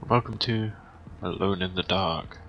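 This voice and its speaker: Creaky-voiced man with a cold. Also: low-pitched, a little slow, highs cut off, a little hiss or hum. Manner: chatty, reacting aloud. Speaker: let's play host. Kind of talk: casual gameplay commentary.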